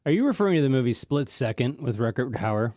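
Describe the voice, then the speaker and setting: A man's voice: medium pitch, sing-song, fast talker, mellow, no echo, studio quality. A man co-hosting a podcast in casual chat, asking prompting questions and searching aloud for names. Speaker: podcast co-host.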